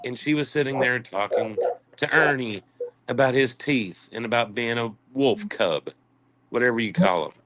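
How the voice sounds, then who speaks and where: A man's voice: mid-range voice, normal speed, fairly bright tone, slight background noise. A man commenting on played clips, insulting and swearing with scorn. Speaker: livestream commentator.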